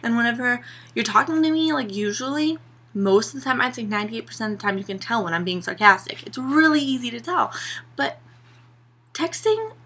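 A young woman vlogger talks straight to her camera in a sarcastic, exasperated rant, peppered with "like" and "you know". Her voice is bright and slightly husky, a little higher than average. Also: animated, brisk. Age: young adult.

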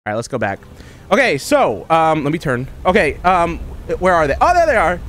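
A man playing a VR game and giving casual, excitable, self-mocking commentary. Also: on the high side, normal speed, a little hiss or hum. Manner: excitable, self-mocking, frequent laughs and exclamations. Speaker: gaming YouTuber. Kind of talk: casual let's-play commentary. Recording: commentary over loud game music.

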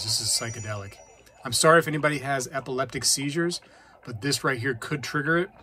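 A man hosting a casual hobby vlog, chatting and reacting out loud while he plays a game. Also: medium pitch. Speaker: coin-collecting channel host.

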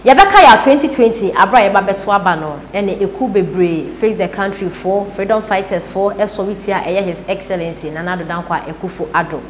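A woman with a Ghanaian accent presenting news for an online channel, mostly in Twi with English terms, brisk in manner. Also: on the low side, steady tone, roomy sound, a little hiss or hum.

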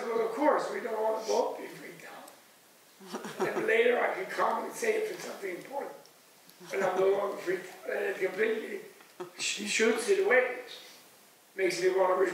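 A man giving a spiritual teacher's closing talk at a retreat. He speaks in an animated, digressive way, often chuckling. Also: high voice. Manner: animated and digressive, chuckling, acting out voices of others. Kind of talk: discursive spiritual lecture. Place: large echoey hall at a retreat center. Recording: echoey, distant room recording with faint hiss.

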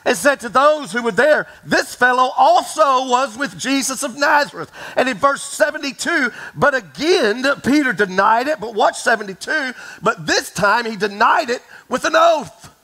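A man preaching a sermon to a congregation, telling a story dramatically, sometimes dropping to a hush and sometimes rising to a shout, and speaking straight to his listeners. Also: extremely high pitch, poor audio. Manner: addresses the congregation directly. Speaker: pastor.

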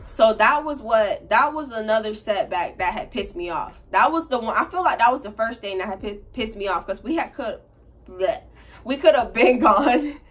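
A young woman co-hosting a casual storytime vlog, animated, swearing freely and laughing as she tells it. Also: on the high side, normal speed. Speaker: co-host telling a story.

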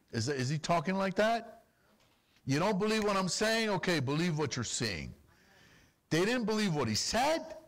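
A man preaching a sermon as pastor, animated and full of rapid rhetorical questions. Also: on the high side.

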